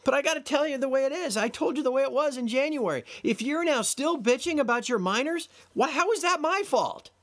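A podcast host delivers a solo commentary, scolding his listeners with sarcastic exasperation. He talks briskly with hardly any pauses, his pitch swooping up and down in animated arcs as he lectures.

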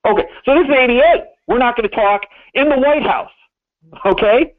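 A man's voice: very high-pitched, normal speed, no echo. An older man telling stories as a guest in an interview, rambling and emphatic with many restarts. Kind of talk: phone-in interview storytelling. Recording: tinny phone line.

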